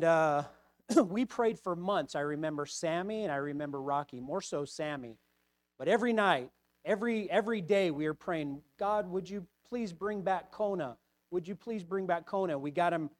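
A man's voice: fairly high pitch, no echo. A middle-aged man preaching a personal sermon, hesitant with repeated words, rising to impassioned pleading. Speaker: pastor.

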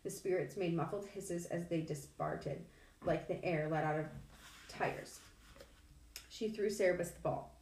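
A woman with a fairly low voice reads a novel aloud in a measured, steady manner. She sits back from the mic, and the room adds a clear echo. The storytelling is even and unhurried. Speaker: audiobook reader. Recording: echoey room, distant mic.

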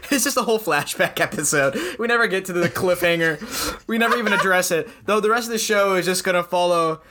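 A man's voice: high voice, noisy background. A young man co-hosting a podcast in casual chat, goofy and joking. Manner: goofy, joking, deliberately unhurried. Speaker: podcast co-host.

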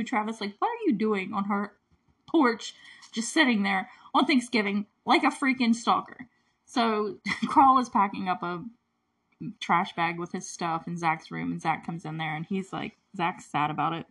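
A woman's voice: mid-range voice, normal speed, breathy edge. A woman casually recapping a movie, chatty and indignant, with lots of "like". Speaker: movie reviewer.

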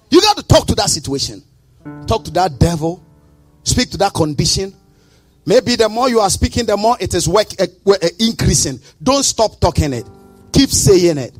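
A male pastor preaching a sermon in a rhythmic, sing-song way, breaking into emphatic shouts. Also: high voice, sing-song, normal speed, breathy edge, faint music behind.

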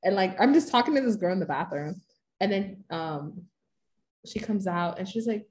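A woman's voice: medium pitch, moderate pace, a little hiss or hum. A woman guest on a podcast, a lash artist, chatting casually and acting out the people in her stories. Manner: animated storytelling, acts out quoted people.

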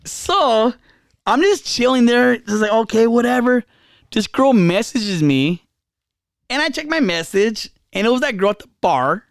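A man hosting a casual podcast, telling a bar story in an animated way. His pitch leaps up whenever he acts out what other people said. The sound is close and dry, with no room echo. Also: measured pace. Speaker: podcast host.

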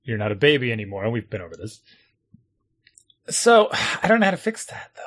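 A middle-aged man in casual chat, a parent venting about homework in an exasperated, animated way. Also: mid-range voice, fairly quick.

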